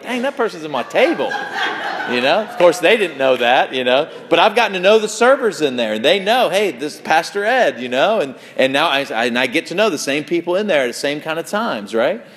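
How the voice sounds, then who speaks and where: A man with a slightly high voice preaches to his congregation, spinning everyday stories in a loose, chatty way full of fillers and restarts. His voice rings out with the long reverb of a church hall. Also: fairly bright tone, a little hiss or hum. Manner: conversational storytelling, many fillers and restarts. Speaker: pastor. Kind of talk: sermon.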